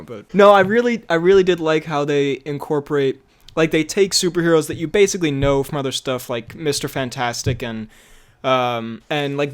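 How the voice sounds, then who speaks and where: Young male podcast co-host, casual and rambling, a bit high-pitched. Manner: rambling, filler-heavy, quick to laugh. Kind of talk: casual chat.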